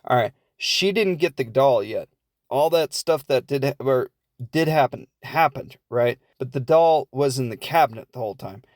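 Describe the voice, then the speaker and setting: A man's voice: mid-range voice, animated, dry recording. Rambling man recapping a movie, dry close sound. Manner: rambling, acts out characters' lines in quick asides. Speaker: film recap host. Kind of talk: casual comedic movie recap.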